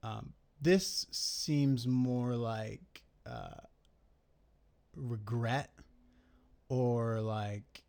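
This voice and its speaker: A man's voice: medium pitch, lively intonation, very slow, vocal fry, long pauses, darkish tone. A young man talking through his trades in a casual, rambling recap, swearing often and criticizing himself as he thinks aloud.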